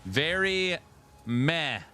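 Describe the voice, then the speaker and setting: Bright-voiced man reading comments, wry. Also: a little high, sing-song, drawn-out words, faint music behind. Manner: reads comments in a wry, amused tone. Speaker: streamer reacting to game patch notes. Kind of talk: casual reaction stream, reading comments aloud.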